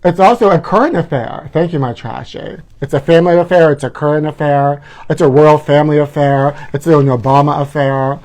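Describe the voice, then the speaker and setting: A man's voice: a little high, fairly quick, few pauses, darkish tone. Campy gossiping man who says honey. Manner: camp, gossipy, calls everyone honey, laughs at own jokes. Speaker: host. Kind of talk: campy celebrity gossip livestream.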